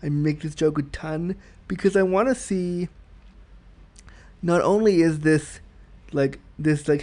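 A podcast host talks on his own, frankly and reflectively explaining his thoughts at length. His voice is on the high side with a darkish tone, a little slow, with long pauses.

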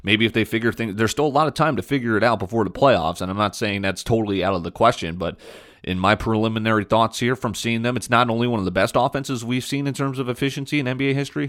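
A man's voice: on the low side, fairly bright tone. A young man hosting a podcast, giving blunt, opinionated sports talk with frequent fillers. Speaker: podcast host. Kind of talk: casual sports talk monologue.

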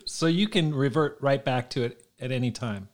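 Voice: medium pitch, normal speed. An interviewer asking questions in a conversational interview, attentive and affirming, often restarting phrases.

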